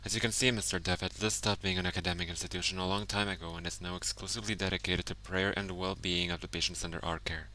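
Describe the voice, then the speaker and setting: A man's voice: sits low, fairly even intonation, fast, few pauses, bright, forceful tone, a little hiss or hum, low-quality recording. Curt stern nun, read out by a man. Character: stern elderly nun running a nursing home.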